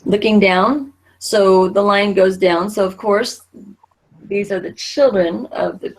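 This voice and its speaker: A woman's voice: medium pitch, slow. A middle-aged woman teaching a Spanish class, explaining patiently with many fillers and restarts.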